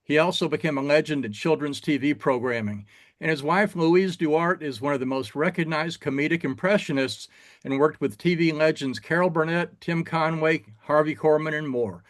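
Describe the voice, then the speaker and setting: A man hosting an interview show, introducing his guests in a measured way. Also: a little high. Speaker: host.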